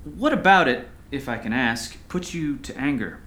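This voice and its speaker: A man's voice: medium pitch, lively intonation, moderate pace, sharp tone. A middle-aged man playing a talkative, folksy small-town pastor in an audio drama, who keeps calling others son. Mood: earnest.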